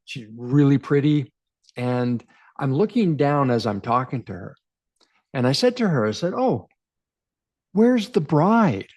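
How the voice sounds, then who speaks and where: A man in his forties from Canada, a men's relationship coach, telling a personal story to camera in an emphatic, animated way with repeated phrases. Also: mid-range voice, moderate pace. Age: 40s.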